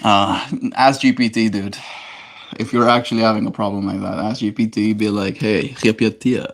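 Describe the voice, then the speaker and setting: This young man's voice is lowish and creaky, with a steady tone and moderate pace, as he runs his daily livestream. He reads comments, answers them loosely, and teases viewers playfully, with silly put-on voices and occasional drops into quiet mumbles.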